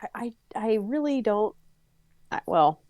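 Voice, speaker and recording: A woman's voice: fairly high pitch, lively intonation, unhurried, a little mellow, no room sound, clean studio sound. A young woman co-hosting a casual podcast, talking through her views with a lot of restarts and fillers. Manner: hesitant, stops and restarts while giving her opinions. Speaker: podcast co-host. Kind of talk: casual chat.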